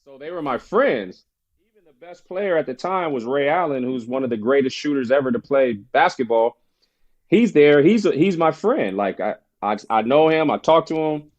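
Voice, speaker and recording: On a muffled recording, a man with a fairly high, darkish voice shares a personal story. He's a former basketball player on a podcast as a guest, and in this casual storytelling interview he imitates the voices of the people he quotes.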